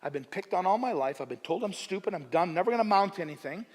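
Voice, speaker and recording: A male pastor preaching a sermon with humor at his own expense, moving between soft asides and loud emphatic bursts and often repeating his phrases. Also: high voice, expressive, fast, in a large hall. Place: church sanctuary.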